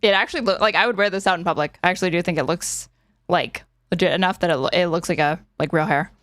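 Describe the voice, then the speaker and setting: A woman's voice: lowish voice, fast, fairly bright tone, no room sound, clean studio sound. A young woman streaming casual commentary, sarcastic and often laughing.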